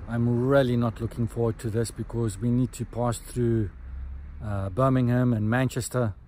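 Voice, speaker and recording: A man's voice: mid-range voice, a little mellow, a little hiss or hum. A middle-aged man, chatting casually to camera as a reviewer, rambling with frequent ums. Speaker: book and TV series reviewer. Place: in a car on a road trip.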